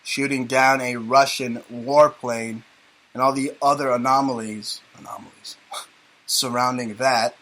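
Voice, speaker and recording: A man's voice: mid-range voice, fairly even intonation, unhurried, pushed and bright, poor audio. A man hosting a talk radio show, sarcastic and rambling in casual banter.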